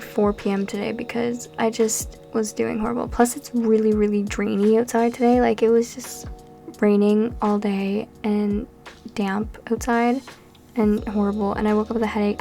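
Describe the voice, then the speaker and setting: A woman's voice: on the high side, little pitch movement, normal speed, creaky, dark tone. A nineteen-year-old woman from Canada, chatting in a rambling, tired way while narrating a game build at home. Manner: rambling and chatty, with frequent fillers. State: tired and a bit out of breath. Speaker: Sims builder and YouTuber. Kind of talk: casual chat over a speed build. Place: home room during a storm. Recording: background music.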